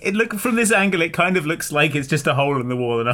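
A man's voice: a little high, big pitch swings, fast talker, sharp tone. A man co-hosting a podcast, recapping a film in casual chat, joking and breaking into laughter, with his voice jumping up when he is amused. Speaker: podcast co-host.

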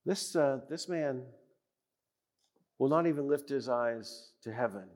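A man preaching an emphatic sermon in a church, repeating phrases for weight and swinging from loud declarations to hushed tones. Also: medium pitch, unhurried. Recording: long reverb of a church hall.

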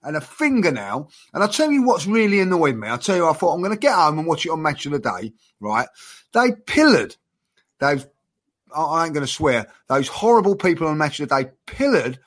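A man's voice: fairly high pitch, a little fast. A man ranting animatedly about football in a casual chat, full of fillers. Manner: animated ranting, lots of "you know what I mean". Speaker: football fan guest.

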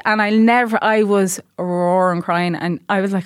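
A woman's voice: mid-range voice, normal speed, clear, resonant tone, dry recording, clean studio sound. An Irish woman, a podcast guest, telling a personal story in casual chat and acting out the voices of people in it. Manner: animated storyteller, acts out quoted voices.

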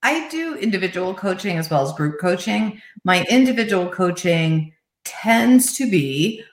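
A middle-aged woman, a life coach, telling a personal story in an earnest, reflective way with soft laughs. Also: fairly low pitch, sing-song, a little slow. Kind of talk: conversational interview storytelling. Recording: echoey room.

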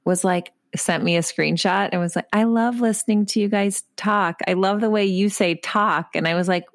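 A woman's voice: mid-range voice, fairly even intonation, moderate pace, no room sound, studio quality. A woman with a Minnesota accent, co-hosting a podcast in a chatty way, often laughing and going off on side notes. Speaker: podcast co-host. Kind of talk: casual chat. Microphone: own microphone.

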